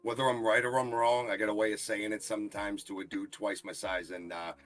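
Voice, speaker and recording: A man's voice: fairly low pitch, little pitch movement, fairly quick, a bit bright, faint music behind. A blunt, brash man in his forties with a Boston accent, chatting casually as a podcast guest. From Boston, USA. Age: 40s. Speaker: guest, wrestling referee. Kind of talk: casual chat.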